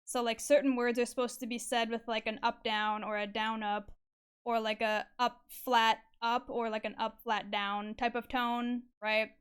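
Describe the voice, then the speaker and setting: Young woman streamer, smooth voice, a bit high-pitched, chatty and sweary. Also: level tone, normal speed, a bit bright. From Canada. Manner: chatty, filler-heavy, swears, laughs often. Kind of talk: casual chat while drawing on stream.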